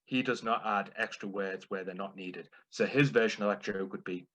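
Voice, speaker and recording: A man's voice: on the low side, a bit bright, low-quality recording. A man delivering a playful, humorous prepared speech at a speaking club. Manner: playful, deliberate.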